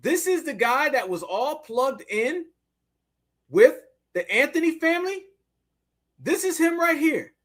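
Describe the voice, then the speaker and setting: Bright-voiced man giving blunt commentary. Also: extremely high pitch, big pitch swings, a little slow, pauses often. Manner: blunt, preachy, sarcastic; speaks to viewers as family. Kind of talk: casual commentary.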